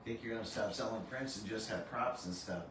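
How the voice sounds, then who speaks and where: A man's voice: lowish voice, a little fast, reverberant, distant mic, background noise. A man in casual chat, tossing in wisecracking side remarks.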